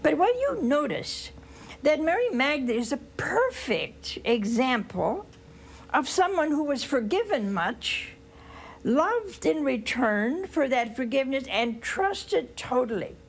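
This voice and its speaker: An older woman, a nun, giving a slow, tender spiritual talk on a call-in program, dropping to a whisper on key phrases. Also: high-pitched, very animated. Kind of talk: spiritual teaching with phone calls.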